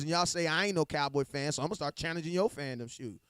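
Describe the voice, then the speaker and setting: A man's voice: on the high side, quick pace, fairly bright tone, smooth, no echo, clean studio sound. A man co-hosting a live sports stream, talking in loose slang and laughing often. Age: adult with a young daughter. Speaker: podcast co-host. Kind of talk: casual sports chat. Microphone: home mic on a live stream.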